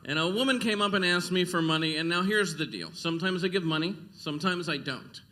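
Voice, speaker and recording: Male stand-up, deadpan one-liners, slightly high voice. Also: brisk. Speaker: stand-up comedian. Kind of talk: stand-up comedy set. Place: stage at a comedy club.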